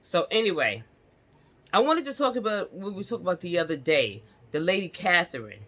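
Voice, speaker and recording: A woman vlogger in telling a personal story to her viewers, animated and laughing as she talks. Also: on the low side, moderate pace. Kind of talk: casual storytime chat to viewers. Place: indoors at home.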